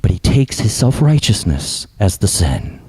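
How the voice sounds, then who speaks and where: A young adult man preaching a sermon as pastor, animated, sometimes dropping to a hush for emphasis. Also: lowish voice, measured pace, slightly rough, dry recording.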